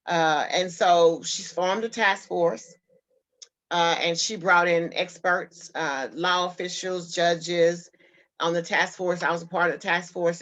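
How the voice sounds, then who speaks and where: A woman's voice: lowish voice, fairly bright tone, lo-fi sound. A woman guest telling a personal story in an interview, earnest and heartfelt.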